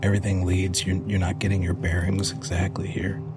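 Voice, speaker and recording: A man's voice: deep voice, completely flat delivery, a little fast, loud music behind the voice. A man narrating a tabletop game as game master in a casual, descriptive way, thinking aloud as he goes.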